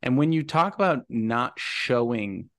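A man hosting a career podcast, thinking out loud as he asks questions and restarts his sentences. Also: medium pitch, animated, unhurried, no echo. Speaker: podcast host on job searching. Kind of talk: conversational interview.

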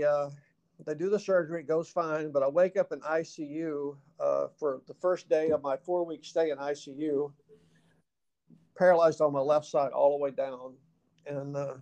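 An interview guest, a middle-aged man with a Southern accent and a creaky, high-ish voice, shares a personal story. He's folksy and animated, voicing the quoted lines as if acting them out.

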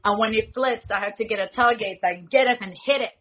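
Lively woman telling studio stories. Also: on the high side, fairly quick, lo-fi sound. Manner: animated, acts out quoted dialogue, laughs often. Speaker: foley artist guest. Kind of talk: casual interview storytelling.

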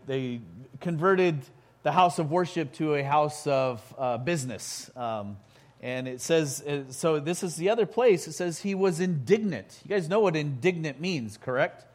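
A man preaching a sermon in a halting way, full of restarts, building to loud emphatic peaks. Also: sits high.

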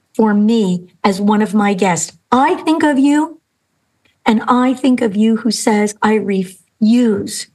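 Brief: earnest woman host, husky, fairly high, emphatic storyteller. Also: darkish tone, poor audio. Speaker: podcast host. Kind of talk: storytelling and inspirational talk.

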